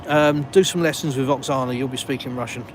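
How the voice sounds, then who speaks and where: A man's voice: mid-range voice, steady tone, fast talker. A man with a southern English accent, hosting a live stream outdoors and chatting casually with viewers in a self-mocking way. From England. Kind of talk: live stream chat, reading comments. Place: outdoors in a village, walking. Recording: noisy outdoor phone stream. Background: passing cars and street noise.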